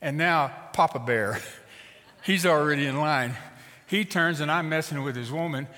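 A middle-aged man preaching a sermon as a pastor and telling a story in an animated, conversational way. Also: a little high, normal speed. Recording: reverberant hall.

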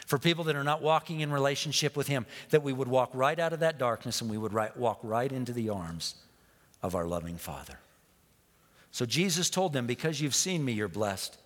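Male pastor, mid-pitched, storytelling sermon with repetition, long hall reverb. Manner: storytelling, repeats phrases, drops to a whisper.

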